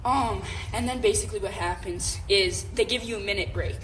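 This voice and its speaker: A young woman co-hosting a podcast, telling a long story in a casual, animated, rambling way with lots of fillers and "right?" checks. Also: mid-range voice, brisk, slight background noise. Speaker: podcast co-host.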